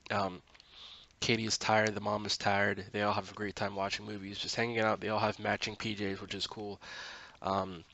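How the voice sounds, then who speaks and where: A man's voice: lowish voice, level tone, normal speed, bright, forceful tone, muffled recording. A man casually recapping a TV episode, rambling with lots of 'like' and 'um' and frequent self-corrections.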